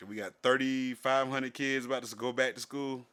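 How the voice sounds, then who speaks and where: A middle-aged man, co-hosting a podcast and telling a profane story in animated, casual chat. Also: medium pitch, moderate pace, clear, resonant tone. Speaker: podcast co-host.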